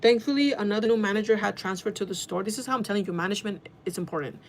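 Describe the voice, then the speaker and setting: A woman telling a casual storytime vlog, chatty and animated, swearing freely and talking in quick bursts. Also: medium pitch, a little hiss or hum. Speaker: vlogger.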